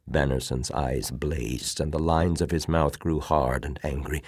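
A man narrating a story as an audiobook reader, measured and expressive. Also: rumbling low, husky, no room sound, studio quality. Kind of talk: audiobook reading.

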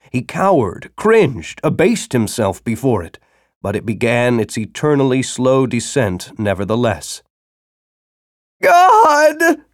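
A male storyteller reading dramatically, with a widely swinging pitch. He moves from hushed narration to urgent, shouted lines. The recording is dry and close. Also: no echo. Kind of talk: audiobook narration.

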